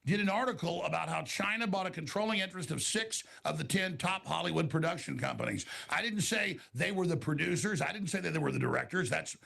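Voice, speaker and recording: Casting: man with a high, very gravelly voice, bright edge, rapid-fire debater who piles on tangents. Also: animated. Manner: rapid, talks over others, jumps between tangents. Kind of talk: heated online debate.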